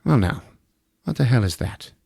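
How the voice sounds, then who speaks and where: A man's voice: medium pitch, animated, moderate pace, creaky, warm tone, breathy edge, dry recording, studio quality, pitched above the performer's own voice. A man putting on the voice of a prim, fussy middle-aged British army colonel with polite, clipped speech.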